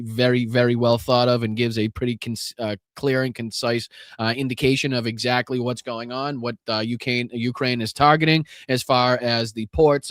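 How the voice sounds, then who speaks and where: A man's voice: medium pitch, a bit bright, no echo, studio quality. A man with a Boston accent hosting a live political podcast, talking bluntly and profanely with lots of fillers and restarts.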